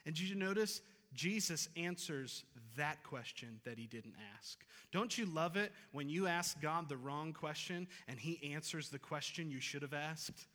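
A man's voice: on the high side, normal speed, few pauses, bright, forceful tone. Emphatic male pastor preaching in a reverberant hall. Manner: earnest, emphatic preaching with repeated phrases and rising stresses. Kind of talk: sermon. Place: church sanctuary.

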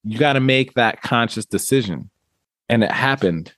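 A man in a casual podcast chat, telling animated, profane stories about managing people and acting out quotes. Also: medium pitch, moderate pace, no room sound, studio quality.

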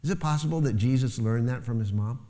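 A man's voice: medium pitch, fast, dark tone. A man preaching a sermon as pastor, lifting his voice to stress key phrases. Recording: long hall reverb.

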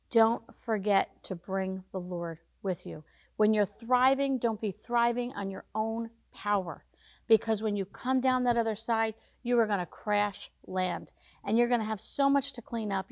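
A woman's voice: mid-range voice, no echo. A woman hosting a devotional podcast, speaking earnestly and urging listeners with repeated short commands. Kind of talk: devotional talk.

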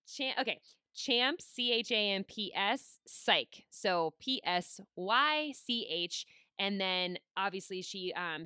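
A woman's voice: mid-range voice, sharp tone, smooth, dry recording, studio quality. A young woman hosting a podcast in casual chat, enthusiastic and gushing, with a lot of "like". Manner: enthusiastic, gushing, heavy use of "like". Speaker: podcast host and personal trainer.

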